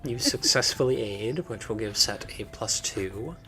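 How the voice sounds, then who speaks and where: A man narrating a tabletop game as game master, unhurried, with many filler ums. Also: fairly low pitch, lively intonation, over loud music.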